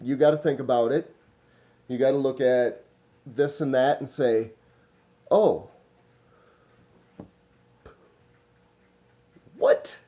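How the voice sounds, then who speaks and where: Guy, loose rambling vlog monologue, warm low-key tone, drifts and trails off. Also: steady tone, normal speed. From Minnesota. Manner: meandering, smoking while talking, trailing off. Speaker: vlogger.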